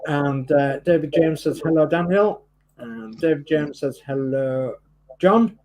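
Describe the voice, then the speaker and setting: Slow-talking man reading stream chat. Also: on the high side, darkish tone, low-quality recording. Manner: friendly, reads viewer names and greetings. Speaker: livestream co-host.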